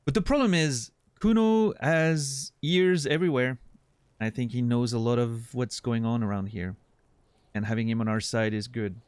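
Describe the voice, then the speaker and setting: A man doing casual gameplay commentary on a stream, thinking out loud with a dry, deadpan sense of humor. His voice sits in an ordinary middle range and is recorded close and dry, with no room around it. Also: mid-range voice, normal speed, clear, resonant tone, dry recording.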